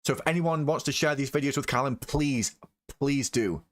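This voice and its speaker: Swearing a lot, a man angrily tears into the person in the clip during live reaction commentary. He speaks at a normal speed in a mid-range voice.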